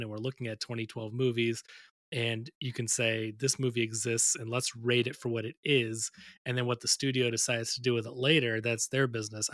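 Bright-voiced man hedging in film chat. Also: mid-range voice, no echo. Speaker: podcast co-host. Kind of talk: casual film discussion.

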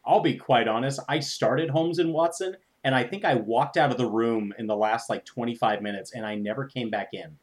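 A man co-hosting a casual movie review podcast, easygoing and quick to agree. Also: mid-range voice. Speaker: podcast co-host.

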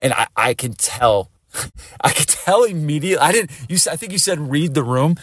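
A man's voice: fairly high pitch, lively intonation, moderate pace, a bit bright, no room sound, studio quality. A man in his forties, a podcast host, candidly telling a rambling story. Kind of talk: casual conversation.

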